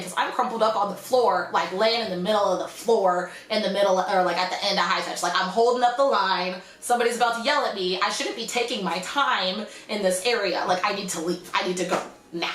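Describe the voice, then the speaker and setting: A young woman vlogger telling a story casually and animatedly, acting out quotes in high squeals. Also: brisk, few pauses, fairly bright tone. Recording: echoey room.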